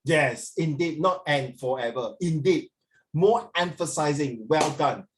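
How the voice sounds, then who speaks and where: An animated man teaching a class in a Singaporean English accent, his voice sitting a little high for a man. He coaxes and praises his students, switching freely between English and Mandarin. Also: unhurried, a little hiss or hum. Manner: animated, mixes English and Mandarin, coaxing and emotional.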